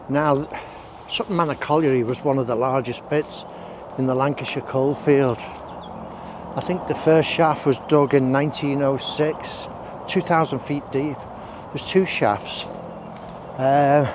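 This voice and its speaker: Chatty man, breathing heavily outdoors. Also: fairly high pitch. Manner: chatty, rambling, self-deprecating asides. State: heavy breathing while walking. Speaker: walking vlogger. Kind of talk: casual walk-and-talk narration. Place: outdoors on roads and country paths. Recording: outdoor noise while walking.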